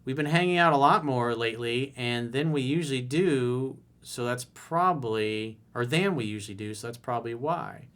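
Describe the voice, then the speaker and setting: A man's voice: mid-range voice, normal speed, hardly any pauses, a bit bright, smooth. A man as a dating coach, reading viewer emails aloud and answering them with blunt, casual, direct advice.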